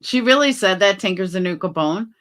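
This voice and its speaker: The host of this casual livestream is a woman who reads out viewer comments and responds bluntly, cursing along the way. Animated throughout, she shifts quickly from low mutters to loud bursts.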